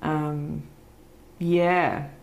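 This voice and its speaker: A woman's voice: low-pitched, level tone, drawn-out words, vocal fry, darkish tone. A woman in her thirties with an Australian accent, talking candidly as a guest in a podcast interview and laughing often. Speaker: actress guest.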